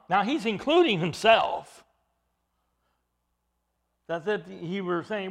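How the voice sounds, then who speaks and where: Man preaching, high voice, very lively pitch, emphatic, loud bursts. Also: slow, gravelly, long pauses. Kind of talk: expository sermon.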